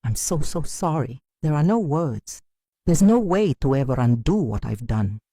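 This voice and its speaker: A woman's voice: deep voice, very animated, moderate pace, warm tone, breathy edge, no room sound, clean studio sound, exaggerated voice. A woman voicing a remorseful adult daughter, tearful and pleading, with a broken voice.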